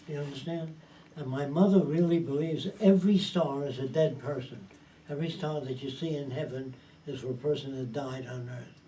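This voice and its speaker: A man's voice: a little high, a little fast, mellow. A man giving an informal talk to a small group. He speaks in a blunt, profane, emphatic way and keeps asking whether his listeners understand. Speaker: lecturer. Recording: distant mic with faint background hiss.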